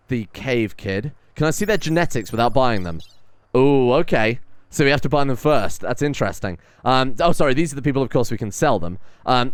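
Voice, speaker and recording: A man's voice: mid-range voice, clear, resonant tone. Chatty young man narrating a game. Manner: chatty, rambling, easily surprised, with frequent ums and restarts. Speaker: gaming channel host. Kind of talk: casual let's-play commentary.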